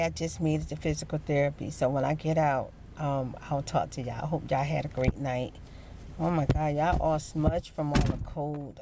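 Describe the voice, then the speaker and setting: A woman's voice: low-pitched, darkish tone, a little hiss or hum. A middle-aged woman vlogger telling stories to her viewers in a chatty, casual way and calling them y'all. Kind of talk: casual chat to the camera.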